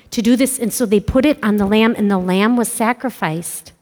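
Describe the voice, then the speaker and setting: Animated woman telling stories in a reverberant hall. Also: medium pitch. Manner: animated storyteller, dramatic hushed asides. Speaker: catechist speaking to kids. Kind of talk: storytelling religious talk.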